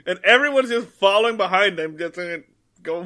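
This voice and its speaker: A man co-hosting a podcast, casually recapping a TV episode, animated and quick to laugh and act out lines. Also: high voice. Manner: animated, laughs often, acts out characters' lines. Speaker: podcast co-host.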